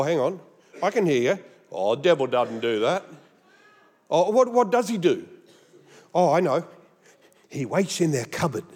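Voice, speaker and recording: An Australian man preaching a sermon, animated and humorous, mimicking voices as he goes. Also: high-pitched, slightly rough, big-room sound. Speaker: pastor.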